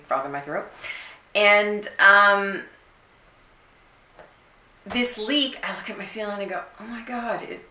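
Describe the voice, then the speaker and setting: A woman's voice: fairly low pitch, far from the mic. Chatty woman telling a story in an echoey room. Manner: chatty, animated retelling with acted-out quotes. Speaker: psychic reading host. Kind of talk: casual storytelling vlog. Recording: echoey room, away from the mic.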